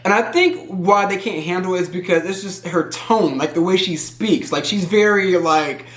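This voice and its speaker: A man from Houston giving animated, opinionated reality TV commentary, talking straight to the viewer in a casual vlog. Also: high-pitched, moderate pace, roomy sound. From Houston, Texas. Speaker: pop culture vlogger.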